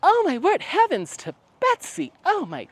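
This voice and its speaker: A man doing a prim flustered falsetto lady. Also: wildly swooping pitch, a little slow, heavily acted. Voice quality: high falsetto, prim old-fashioned exclamations. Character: prim flustered middle-aged woman, fussy and excitable.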